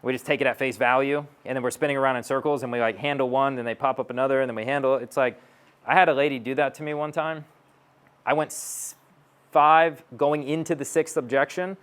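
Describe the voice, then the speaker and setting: A man's voice: mid-range voice, steady tone, a little fast, fairly bright tone, clear, resonant tone. Brash swearing man giving a stage talk. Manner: brash, swaggering, acts out both sides of dialogues; swearing, blunt. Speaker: sales coach speaking on stage.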